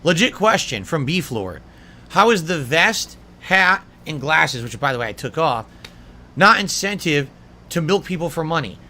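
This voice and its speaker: Man, streamer, high tense voice, indignant and sarcastic toward chat. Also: sing-song, moderate pace, bright, forceful tone. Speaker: livestreamer. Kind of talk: defensive talk to stream chat.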